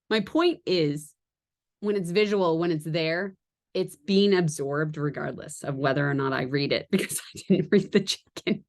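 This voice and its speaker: Chatty low-voiced woman trainer. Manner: chatty, laughs at her own jokes, rambles into asides. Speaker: direct sales team leader and trainer. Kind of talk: casual training talk to a team.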